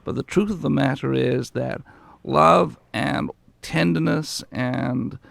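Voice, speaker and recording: A man's voice: medium pitch, slow, vocal fry, fairly bright tone, dry recording. A man speaking as a guest on a radio call-in show, earnest and emphatic as he gives advice.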